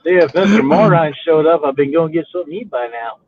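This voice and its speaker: A man's voice: fairly high pitch, lively intonation, fast talker. A man chatting casually while he drives, grumbling and folksy, on a phone in his car. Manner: grumbling, folksy, laughs at his own stories. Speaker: lawn care worker on a live panel. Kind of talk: casual chat while driving. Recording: tinny phone line.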